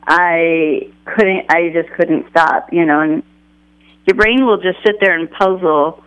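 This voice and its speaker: A man being interviewed as an author, speaking haltingly with lots of fillers as he thinks back. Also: a little high, fairly even intonation, a bit bright, clean tone, no room sound, dull audio. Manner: halting, many fillers, thoughtful. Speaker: author guest. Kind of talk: conversational interview.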